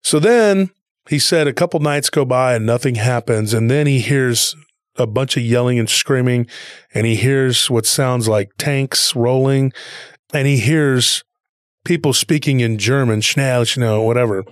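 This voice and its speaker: A man's voice: mid-range voice, measured pace, dry recording, studio quality. A man casually retelling a story he heard, rambling along with plenty of "he goes" and "he's like".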